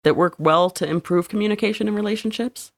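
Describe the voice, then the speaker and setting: A woman's voice: mid-range voice, quick pace, vocal fry. A woman hosting an interview, asking questions and agreeing briefly with her guest. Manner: asks questions, agrees briefly, laughs along. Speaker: interview host. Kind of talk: interview conversation.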